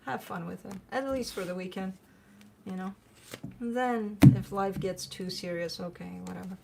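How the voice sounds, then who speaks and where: A woman's voice: mid-range voice, steady tone, moderate pace, vocal fry, heavy background noise. A woman hosting a tarot channel, chatting casually at home, swearing freely and cooing at her dog. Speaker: tarot reader and channel host. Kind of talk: casual chat to camera.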